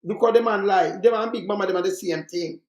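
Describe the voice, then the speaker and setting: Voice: medium pitch, quick pace. A commentator with a Jamaican accent, ranting fiercely and repeating points in patois. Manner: fiery, repetitive, rants in Jamaican patois. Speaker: political commentator. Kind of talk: heated commentary monologue. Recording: roomy echo.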